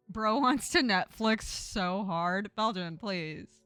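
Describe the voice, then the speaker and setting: A woman's voice: mid-range voice, takes it slowly, few pauses, sharp tone, clean tone, no echo, faint music behind. A woman game streamer lisping from a sore tongue, chatting casually and teasingly with viewers and reading game text aloud.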